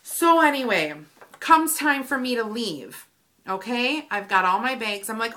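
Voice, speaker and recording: A woman's voice: a little high, moderate pace. A woman vlogger telling a story in a casual, exasperated rant, acting out both sides of the conversation. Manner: animated, exasperated retelling with quoted dialogue.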